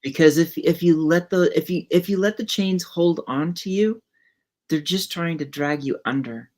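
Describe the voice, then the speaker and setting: A woman hosts a podcast and muses in casual conversation. She slips into storytelling and restarts her phrases as she goes. Her voice sits fairly low for a woman. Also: normal speed, darkish tone. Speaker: podcast host.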